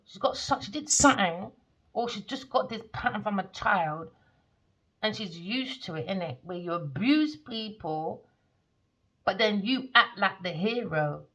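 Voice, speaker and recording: Emphatic, gravelly-voiced woman reading tarot. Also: mid-range voice, animated, measured pace, a bit bright. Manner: rambling, emphatic, slangy. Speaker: tarot reader. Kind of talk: casual tarot reading monologue. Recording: dull lo-fi recording.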